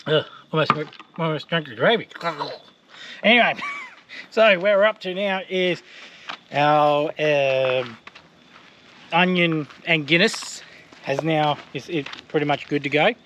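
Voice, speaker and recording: A man's voice: a little high, slow, long pauses, fairly bright tone, lo-fi sound, slight background noise. An Australian man chatting casually as he cooks for his vlog, loose and joking, with plenty of fillers. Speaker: vlogger cooking on camera. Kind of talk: casual cooking vlog chat.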